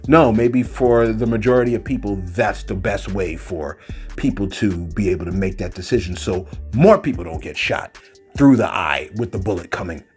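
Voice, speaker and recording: A man's voice: lowish voice, moderate pace, a little mellow, soft background music. A man hosting a commentary video, talking loosely, repeating words and tagging lines with "man". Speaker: commentary channel host. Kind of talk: casual spoken commentary.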